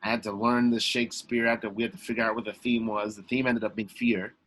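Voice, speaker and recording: A young man telling a story as a podcast guest, emphatic and lively, with many restarts. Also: fairly low pitch, fast talker, poor audio. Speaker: guest, actor and comedian. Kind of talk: animated storytelling in a podcast interview.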